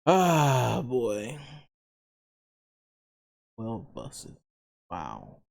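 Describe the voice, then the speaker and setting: Slow, laid-back man reacting. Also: wildly swooping pitch, gravelly. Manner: low-key, trailing off, laid-back. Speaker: reaction channel host. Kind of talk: reaction commentary.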